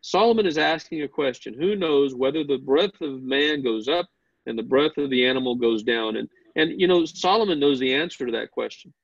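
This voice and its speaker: A man's voice: mid-range voice, brisk, gravelly, no echo, muffled recording. A man teaching a Bible class, explaining step by step, asking the class questions and often repeating words as he starts a sentence.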